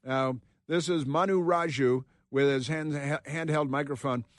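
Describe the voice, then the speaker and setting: A man's voice: a little high, steady tone, no room sound. Sarcastic, combative male radio host. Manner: combative and sarcastic, with frequent halting restarts. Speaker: radio talk show host. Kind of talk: opinionated talk radio commentary.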